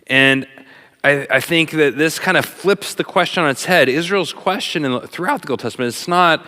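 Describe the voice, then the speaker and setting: Animated casual man preaching in a hall. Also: on the high side, normal speed. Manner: casual and animated, lots of fillers. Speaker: pastor. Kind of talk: sermon. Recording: long hall reverb.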